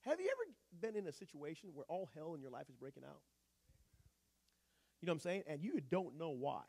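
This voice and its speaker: Lively, high-pitched joking male pastor. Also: brisk, vocal fry. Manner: animated, joking, conversational preaching. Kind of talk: sermon.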